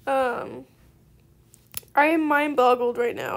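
Young female student gamer, gushing and excitable; high-pitched with a gravelly fry. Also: unhurried. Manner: gushing, effusively grateful, giggly. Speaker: gaming video creator. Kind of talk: excited gameplay commentary.

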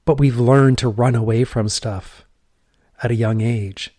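Middle-aged man, podcast host, earnest reflective monologue, mellow voice, dry close-mic sound. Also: mid-range voice, fairly even intonation, a little slow, no echo. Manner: earnest, repetitive phrasing, rhetorical questions.

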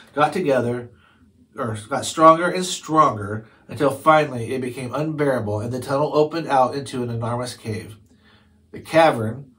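Man, storybook reader, reading a chapter book aloud, mid-pitched, stumbles and self-corrects. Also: a bit bright, rough recording. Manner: stumbles over words and corrects himself.

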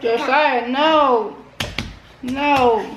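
A woman's voice: sits high, fairly even intonation, extremely slow. A woman vlogger chatting with her young nephew over a meal at home, teasing him and firmly telling him what to do. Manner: teasing, bossy aunt questioning a child. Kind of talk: casual chat while eating. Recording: echoey room with background noise.

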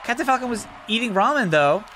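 A man hosting a reaction video to game trailers, talking in an excitable, animated way with quick exclamations. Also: high voice, a little hiss or hum. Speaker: host. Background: faint trailer music.

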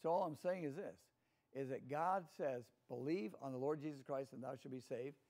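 A man's voice: medium pitch, moderate pace, a little mellow. An older man with a Southern American accent teaching a folksy Bible lesson in a church class, chatty and often asking the room for an amen. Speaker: Sunday school teacher.

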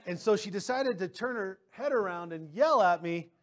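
A man's voice: sits high, lively intonation, moderate pace. A man preaching a sermon as pastor, talking conversationally with personal stories and often repeating words as he starts a sentence.

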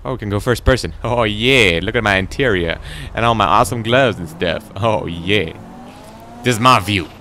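A teenage boy giving rambling, excitable commentary while playing a video game. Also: lowish voice, moderate pace, few pauses, slight background noise. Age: teens. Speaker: gaming channel host. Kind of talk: gameplay commentary.

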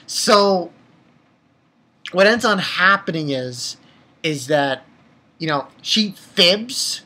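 Excitable rambling young anime reviewer. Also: medium pitch, very slow. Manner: rambling, excitable, swears freely. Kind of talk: casual episode review.

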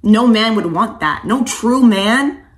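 A woman's voice: fairly high pitch, slow pace. A woman coach and vlogger giving an impassioned, preachy monologue to camera, casual and slangy, calling viewers sweetheart and honey.

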